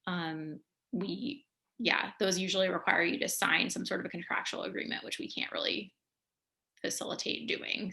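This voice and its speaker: A woman's voice: fairly low pitch, creaky, bright, forceful tone. A woman who is a study abroad adviser, giving friendly, helpful guidance on a panel and hedging her points lightly.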